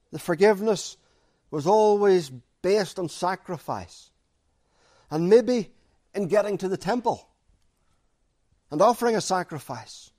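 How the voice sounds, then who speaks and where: A man preaches a sermon in a voice that sits high, repeating key phrases for emphasis. He shifts from loud, stressed lines to quiet, intimate asides.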